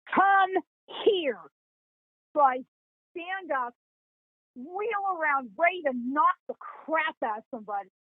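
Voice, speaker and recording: A high-pitched woman, a psychic guest on a podcast, tells a story in a lively, folksy way, a little slowly, voicing the people involved with quoted dialogue and laughter. She comes through a thin, phone-like line on a dry recording.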